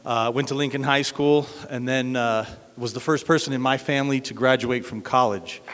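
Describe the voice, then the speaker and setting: A man's voice: mid-range voice, fairly even intonation, moderate pace, a crowd in the background. A man from Denver telling a myth at a cafe open mic, hesitant with many fillers. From Denver, USA. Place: cafe event room. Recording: echoey hall.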